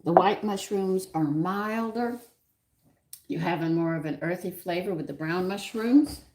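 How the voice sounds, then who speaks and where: A woman's voice: lowish voice, unhurried, darkish tone. A woman hosting a home cooking livestream, chatting with viewers, her pet and herself as she works in her kitchen. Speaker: cooking show host. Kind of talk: casual cooking livestream chat. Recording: noisy kitchen with clattering dishes.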